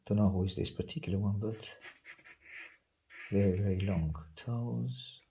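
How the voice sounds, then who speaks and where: Slow gravelly man sketching and murmuring. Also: fairly low pitch, slight background noise, low-quality recording. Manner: calm, unhurried, muttering repeated words while sketching. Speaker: art instructor. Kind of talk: slow drawing tutorial narration.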